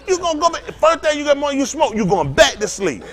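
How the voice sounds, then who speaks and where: A man's voice: extremely high pitch, very animated, quick pace, a bit bright, a faint crowd. A man preaching an informal sermon, telling a story and acting out both sides of it with lots of laughter. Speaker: pastor.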